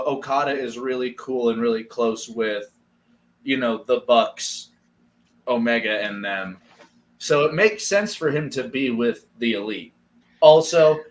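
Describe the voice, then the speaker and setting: A man co-hosting a casual wrestling podcast, animated and laughing easily, swearing casually. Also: mid-range voice. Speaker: podcast co-host. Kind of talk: casual chat.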